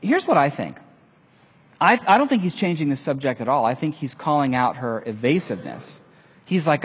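A man preaching a sermon, telling a story in lively fashion and acting out the lines of the people in it. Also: fairly high pitch, moderate pace, breathy edge. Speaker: pastor. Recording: long hall reverb.

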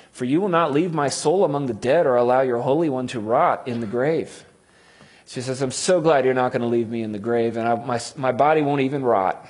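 Guy preaching a sermon, husky voice, middle pitch, gets loud then real quiet. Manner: dramatic, rises to loud cries when quoting psalms, drops to hushed tones.

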